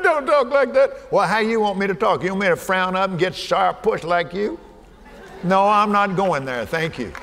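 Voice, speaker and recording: An older man preaching in a high-pitched voice, folksy and joking one moment and shouting with fervor the next. His voice rings out with a long echo in a large hall, with faint ambient noise behind him. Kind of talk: sermon.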